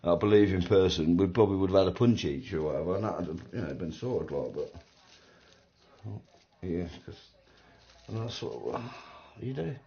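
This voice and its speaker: A man's voice: low voice, expressive, moderate pace, distant mic. A middle-aged man, chatting casually and rambling in slang and swearing while streaming a racing game. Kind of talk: casual chat while gaming. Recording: roomy, dull home mic.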